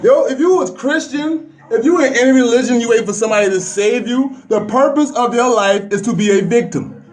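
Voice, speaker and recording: A man's voice: very high voice, brisk, few pauses. A man delivering a preachy, profane ranting monologue about enlightenment to his viewers. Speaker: vlogger preaching his philosophy.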